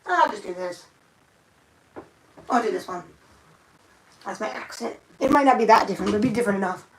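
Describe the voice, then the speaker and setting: A young woman with a mid-range voice streams live while painting her nails, speaking briskly over some background noise. As a nail art streamer she chats casually, thinking aloud and muttering to herself.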